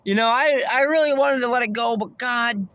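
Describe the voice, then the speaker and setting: A man's voice: very high-pitched, normal speed, pushed and bright, clean tone, no room sound. A man ranting in a rambling monologue, swearing constantly and laughing often. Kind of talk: rambling profane rant.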